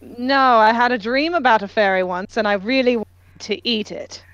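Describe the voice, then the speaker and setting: Woman tabletop player, teasing, curious, slightly high voice, dull lo-fi mic. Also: normal speed, fairly bright tone. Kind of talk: casual tabletop play.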